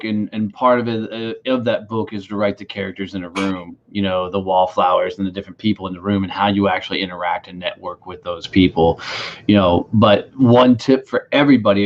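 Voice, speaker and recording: A man, hosting a podcast, tells stories casually, laughs often and swears freely. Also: fairly low pitch. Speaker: podcast host. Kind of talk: casual conversational storytelling. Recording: slightly dull lo-fi audio.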